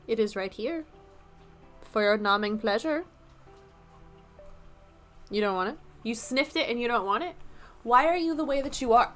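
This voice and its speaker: A woman's voice: medium pitch, fairly bright tone. A young woman streaming from her apartment desk, chatting casually with a playful, self-mocking manner. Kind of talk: casual live-stream chat.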